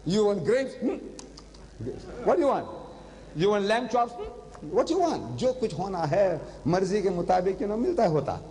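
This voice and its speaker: Older man lecturing with lively pitch. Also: normal speed. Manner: animated storytelling, switching into Hindi-Urdu phrases. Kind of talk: religious lecture to an audience. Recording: long hall reverb.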